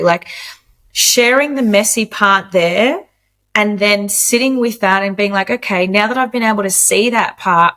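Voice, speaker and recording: A woman in her late thirties, a podcast guest, speaks frankly in a relaxed conversation at a middle pitch. She swears freely and jumps into quoted voices when she tells stories. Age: 30s. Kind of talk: casual candid chat.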